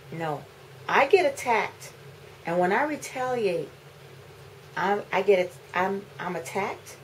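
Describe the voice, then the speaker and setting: A fed-up mother vents straight to the camera in a lowish voice. She hammers her points home by repeating them, one moment loud and defiant, the next low and weary. A faint background hiss sits under her voice. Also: poor audio. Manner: indignant, repeats phrases for emphasis, swings from loud outbursts to low, weary lines. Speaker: mother making a video complaint. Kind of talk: emotional rant to camera.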